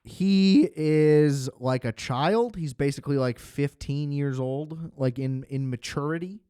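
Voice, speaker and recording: A man's voice: fairly high pitch, measured pace, mellow, clear, resonant tone, dry recording, clean studio sound. A man giving a casual, rambling movie review, swearing freely and leaning on lots of fillers. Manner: rambling, profane, filler-heavy. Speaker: film reviewer.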